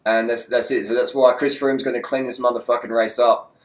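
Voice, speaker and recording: A man giving casual, crude and excitable commentary over race highlights, joking freely as he goes. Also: a little fast, reverberant. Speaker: cycling commentator.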